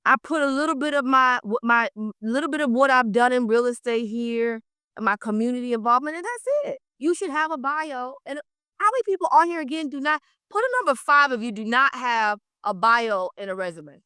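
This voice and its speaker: An energetic woman leads a live training class and speaks straight to her students. Her voice sits fairly high and sounds bright and forceful. The recording is dry and close. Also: brisk, smooth, no room sound. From South Florida. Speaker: real estate trainer.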